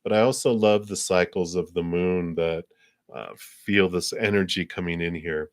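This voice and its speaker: A man with a very low, deep voice reading tarot cards on a live stream. He speaks in a gentle, spiritual manner, chuckles often, and drifts through fillers as he goes. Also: steady tone, normal speed. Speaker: tarot card reader.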